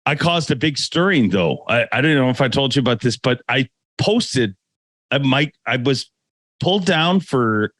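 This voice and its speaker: Male podcast host, animated and laughing, mid pitch, dry close sound. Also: moderate pace, dry recording. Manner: animated, laughing, swears casually. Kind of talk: casual chat.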